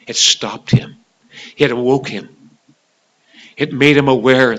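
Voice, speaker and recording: A male preacher tells a story in an earnest way. His voice is bright and forceful, and he repeats phrases as he builds to emphatic points about eternity. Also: mid-range voice, a little slow, pauses often, rough recording. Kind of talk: gospel sermon with storytelling.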